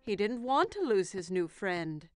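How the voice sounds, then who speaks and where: A woman narrating a children's cartoon in a gentle, expressive storytelling voice. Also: medium pitch, measured pace, smooth, soft background music.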